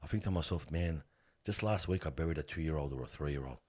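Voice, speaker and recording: A man's voice: extremely low pitch, fairly quick, a little mellow. A middle-aged man who works in funerals, telling heartfelt stories in an earnest, emphatic and slangy way, calling his listener "bro". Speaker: funeral worker and guest. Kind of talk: heartfelt conversational storytelling.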